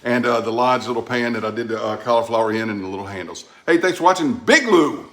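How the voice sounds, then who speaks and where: Speaking quickly, with lively intonation and a fairly bright mid-range voice, a middle-aged man runs a relaxed home cooking channel. Filmed around his patio and kitchen, he chats in a folksy, meandering style packed with fillers.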